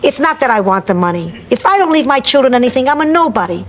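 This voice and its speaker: A woman's voice: high-pitched, very animated, fast talker. An actress in her eighties playing a feisty, stingy old mother in a sitcom, with a dry, cutting delivery. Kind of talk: sitcom acting. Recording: noisy TV audio with studio audience laughter.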